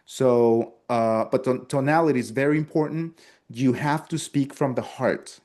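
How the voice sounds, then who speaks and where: A man whose first language is Spanish is teaching a class on sales calls. He talks at a middling pitch and now and then slips into upbeat sample lines for a customer. He often stops and restarts his sentences. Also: measured pace, a little mellow. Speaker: sales trainer. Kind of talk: instructional talk with role-played sales lines.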